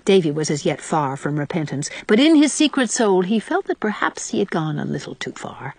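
A woman reading a storybook aloud in an expressive, dramatic way. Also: on the low side, fairly quick, hardly any pauses, husky, no echo. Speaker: audiobook narrator. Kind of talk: storybook narration.

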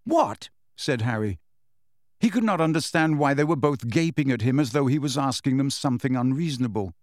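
A man's voice: medium pitch, a little fast, a little mellow, no room sound, clean studio sound. A man reading a novel as an audiobook narrator, telling the story expressively. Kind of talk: scripted narration.

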